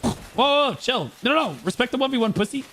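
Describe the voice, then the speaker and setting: A man streaming an online game, commenting live and swinging between shouted trash talk and low muttering. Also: very animated, fast talker, slight background noise.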